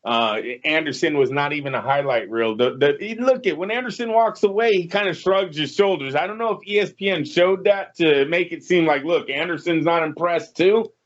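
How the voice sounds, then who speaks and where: A man's voice: a little high, animated, normal speed, hardly any pauses. Blunt, cussing man on a boxing podcast. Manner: blunt, profane, opinionated. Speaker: podcast co-host. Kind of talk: casual boxing podcast chat. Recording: lo-fi podcast audio.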